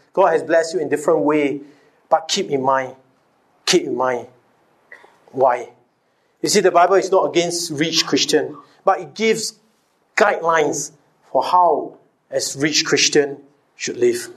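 A pastor with a high, bright voice preaches a sermon, repeatedly addressing the congregation with rhetorical questions and call-and-response. He drives home key phrases by saying them again and again.

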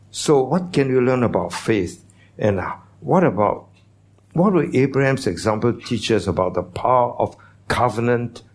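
Slow, low-voiced man preaching a sermon. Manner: conversational teaching, asks the congregation questions. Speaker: pastor.

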